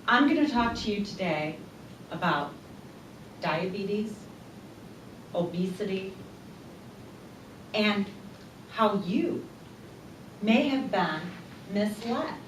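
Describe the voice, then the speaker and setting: A woman giving a talk to a small group, speaking deliberately and putting questions to her listeners. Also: medium pitch, expressive. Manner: slow, deliberate, rhetorical questions to the audience. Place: room with a small audience. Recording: echoey room from a distance, faint hum.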